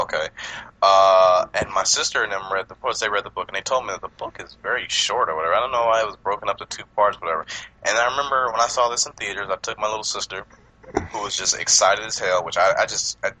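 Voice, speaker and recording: A man hosting a casual movie podcast, rambling and profane, acting out quotes and laughing loudly. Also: low-pitched, slightly rough, rough recording.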